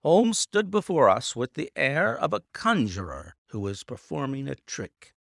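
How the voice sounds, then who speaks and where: A man reading a classic detective story aloud in a measured, theatrical manner. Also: medium pitch, wildly swooping pitch, gravelly, fairly bright tone, no room sound, clean studio sound. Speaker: audiobook reader. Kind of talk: scripted narration.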